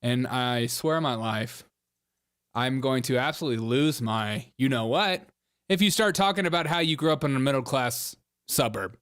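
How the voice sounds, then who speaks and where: A man's voice: medium pitch, normal speed, fairly bright tone, clean tone. A man hosting a political commentary show, mocking and sarcastic, laughing at his own jokes. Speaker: show host.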